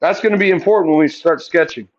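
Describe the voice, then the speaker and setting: A man's voice: fairly high pitch, fast talker, highs cut off. A male math teacher lecturing a classroom, asking the students questions and answering them himself.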